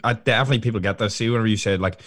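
Man, rapid talk, dry close sound, rambling with fillers, sweary casual chat. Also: lowish voice, fairly bright tone, dry recording.

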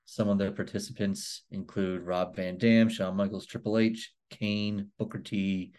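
Blunt, lower-voiced male podcast co-host. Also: level tone, a little slow, a little mellow. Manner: blunt and incredulous, recapping events plainly. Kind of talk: casual chat.

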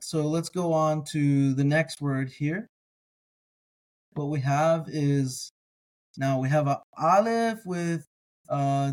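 Man slowly sounding out words. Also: a little high, low-quality recording. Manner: halting, sounding out words with pauses and restarts; relaxed and chatty between readings. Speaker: Hebrew teacher. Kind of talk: slow word-by-word reading lesson.

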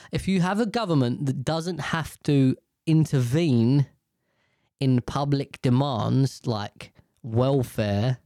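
A man's voice: mid-range voice, mellow, no echo, clean studio sound. A British man from the UK in a casual, rambling monologue, swearing freely and airing strong opinions. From United Kingdom.

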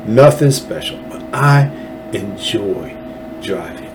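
A man's voice: fairly low pitch, animated, slow, noisy background. Angry man ranting on his podcast. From Texas. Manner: heated, blunt, swears freely. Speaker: podcast host. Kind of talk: angry political rant.

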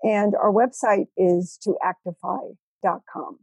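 Woman, career coach guest, warm mellow tone, slightly husky, earnest explaining, dry sound. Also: mid-range voice, steady tone, unhurried, no room sound, low-quality recording. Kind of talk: casual interview chat.

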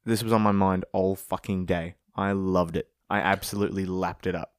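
A man's voice: sits low, level tone, moderate pace, no room sound. A young man chatting casually on a podcast, teasing and giggling as he tells stories. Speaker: podcast co-host. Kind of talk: casual chat.

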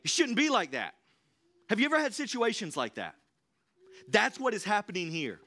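A young man preaching a sermon in a church, in a conversational, animated way. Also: high voice, moderate pace. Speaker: pastor. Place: church sanctuary.

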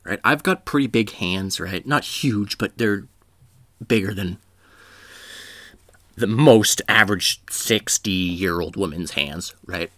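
A man's voice: sits low, slow, pauses often, pushed and bright, no echo. A man telling a comedic story in a rambling, profane way, laughing at his own jokes.

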